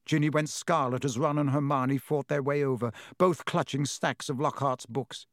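A man reading a storybook aloud with expressive narration. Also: mid-range voice, normal speed, no echo, clean studio sound. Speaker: audiobook narrator. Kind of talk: scripted narration.

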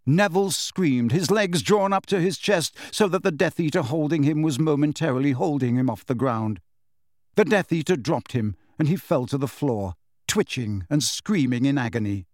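A man narrating an audiobook in an expressive, dramatic storytelling style. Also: on the high side, moderate pace, dry recording, studio quality. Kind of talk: scripted narration.

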